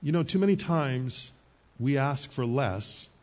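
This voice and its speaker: A middle-aged male pastor preaching a sermon in a conversational storytelling manner, with quick asides to the congregation. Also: medium pitch, expressive, a little mellow.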